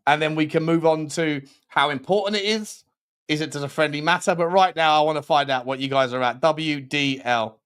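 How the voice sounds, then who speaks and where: A man's voice: fairly high pitch, a little fast, fairly bright tone, smooth. A young man hosting a live stream, chatting casually, reading out viewer comments, swearing and laughing often. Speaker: host.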